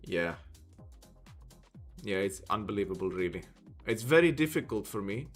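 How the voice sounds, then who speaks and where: With a lowish, expressive voice at normal speed, a Swedish man rambles on his live stream as faint music plays. His accent is Swedish, and he thinks aloud casually, leaning on many fillers.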